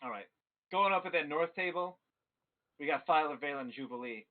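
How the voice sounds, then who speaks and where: A man's voice: fairly high pitch, brisk. A man narrating as dungeon master in a live-streamed tabletop game, loose and profane. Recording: tinny phone-like audio.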